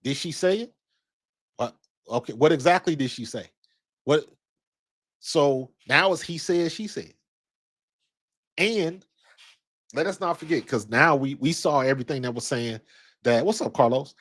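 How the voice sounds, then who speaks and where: Speaking unhurriedly with long pauses, this man has a fairly high, slightly bright, animated voice. In his fifties and raised in Ohio, he gives casual basketball commentary and personal stories in a blunt, slangy, rambling way, with some profanity.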